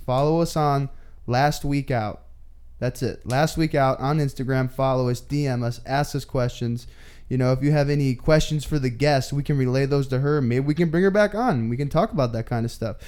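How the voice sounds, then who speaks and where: Male podcast host, relaxed outro, smooth clear voice, mid pitch. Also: a little fast.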